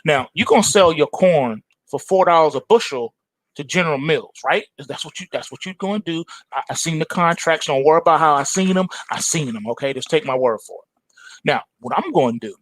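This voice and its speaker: A man's voice: a little high, brisk, close to an everyday voice. A man voicing a big male tiger who talks in swaggering street slang. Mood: scheming.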